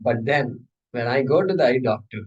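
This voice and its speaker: A man's voice: mid-range voice, normal speed, slightly rough, muffled recording. A man teaching a scripture class, conversational and playful, asking rhetorical questions and acting out little scenes. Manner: animated, playful, acts out dialogues, asks rhetorical questions.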